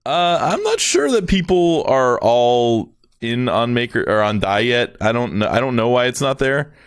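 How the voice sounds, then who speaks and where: A man's voice: medium pitch, sing-song, normal speed, clear, resonant tone. A man co-hosting a casual podcast, laid-back, laughing easily and correcting himself as he goes. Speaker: podcast co-host. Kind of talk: casual chat.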